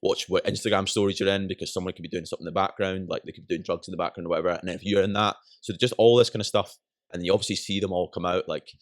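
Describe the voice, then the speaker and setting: A young man with a Scottish accent talks at a rapid clip in a low, deep voice. He rambles through his stories, tossing in "you know what I mean" again and again. The sound is close and dry, with no room around it. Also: steady tone, no room sound. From Scotland. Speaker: podcast guest. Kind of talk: casual chat.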